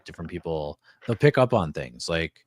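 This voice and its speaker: A Canadian man talking casually as a podcast guest, with a laid-back, smooth voice. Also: sits low, lively intonation, brisk. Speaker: guest YouTuber.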